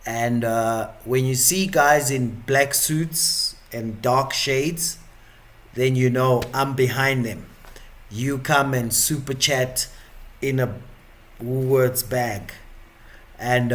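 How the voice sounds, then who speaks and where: A man's voice: medium pitch, slow, a bit bright. A South African man hosting a live stream, chatting and joking in a rambling, casual way.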